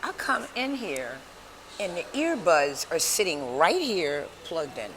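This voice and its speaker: A woman's voice: on the low side, takes it slowly. Chatty woman vlogging over background noise. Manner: lively, chatty storytelling. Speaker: motivational speaker. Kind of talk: casual vlog talk. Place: indoors at a women's shelter. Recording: noisy background.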